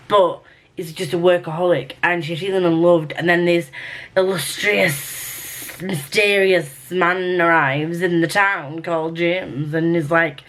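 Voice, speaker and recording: A woman's voice: fairly low pitch, fairly bright tone. Chatty woman book vlogger. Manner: chatty and rambling, quick asides. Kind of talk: casual weekly reading vlog.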